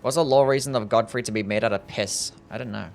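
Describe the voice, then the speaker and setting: Gravelly laid-back young male streamer. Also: medium pitch, quick pace. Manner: laid-back, swears often, laughs easily. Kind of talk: casual livestream chat while gaming. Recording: music playing faintly behind.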